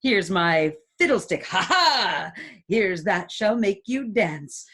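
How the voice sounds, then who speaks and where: Mercutio, read by a woman, slow and mocking. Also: medium pitch, animated, fairly bright tone, husky, exaggerated voice. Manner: sarcastic, drawn-out delivery. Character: mocking quarrelsome young male Mercutio. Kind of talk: casual read-aloud of a play.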